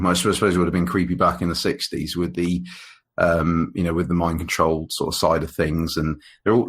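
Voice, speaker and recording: This podcast co-host has a low, husky voice and rambles casually about an old monster film. His talk is full of fillers and restarts, and he laughs often during the review chat.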